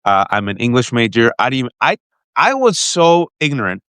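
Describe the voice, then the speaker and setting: A man hosting a show and telling an emotional family story to his guest with animated energy, often restarting his sentences. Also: medium pitch, a little fast, clear, resonant tone, no echo. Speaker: podcast host. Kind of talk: heartfelt personal storytelling to a guest.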